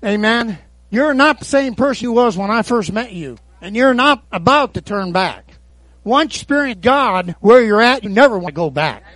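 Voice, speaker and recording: High-voiced preacher man, dry close sound. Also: animated, normal speed, fairly bright tone, no room sound. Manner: call-and-response preaching, frequent amens and hallelujahs. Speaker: pastor. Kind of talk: sermon.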